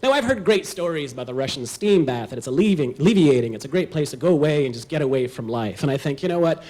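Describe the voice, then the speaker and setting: A man's voice: fairly high pitch, lively intonation, fast, darkish tone. A man telling a personal story at a live storytelling show, wry, comic and self-deprecating.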